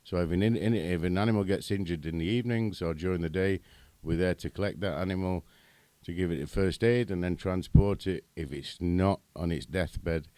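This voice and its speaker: A middle-aged man with a British accent and a deep, low voice. He talks in a chatty way and tells animated anecdotes. The sound is dry and close, with no room echo. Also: brisk, few pauses. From Britain. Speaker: interview guest. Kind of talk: casual interview chat.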